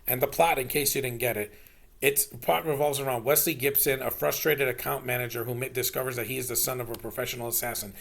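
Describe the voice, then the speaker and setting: A man's voice: medium pitch, creaky, fairly bright tone. A man giving a casual, blunt film review, exasperated and swearing, often restarting his sentences. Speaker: movie reviewer.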